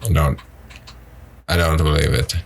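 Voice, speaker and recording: A young man co-hosting a podcast in casual chat, blunt and profane with deadpan humor. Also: very deep voice, a little slow, gravelly, a little hiss or hum. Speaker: podcast co-host.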